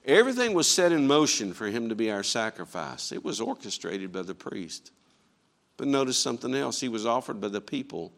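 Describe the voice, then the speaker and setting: Emphatic male preacher, swinging loud and soft. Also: mid-range voice, sing-song, fairly quick, gravelly, in a large hall. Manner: emphatic, with rhetorical questions and swings from quiet to loud. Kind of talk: sermon.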